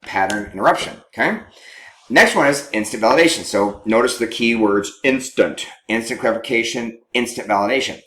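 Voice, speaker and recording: Man, marriage counselor, teaching talk, animated, mid-pitched, roomy echo. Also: brisk. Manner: animated, acts out quoted lines, chuckles.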